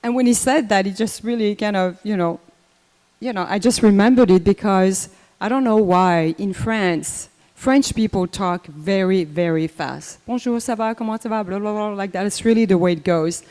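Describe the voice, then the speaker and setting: An older woman giving a personal memorial talk, unhurried and conversational, with many fillers and restarts. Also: mid-range voice, dark tone. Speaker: memorial speaker. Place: temple hall. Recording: echoey hall reverb.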